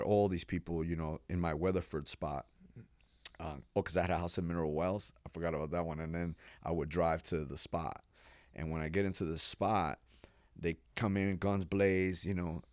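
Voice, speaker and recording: A man in his forties, a pastor from New York, telling his life story as a podcast guest in an animated, casual way with slang. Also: low voice, dry recording, clean studio sound. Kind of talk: personal testimony in a podcast interview.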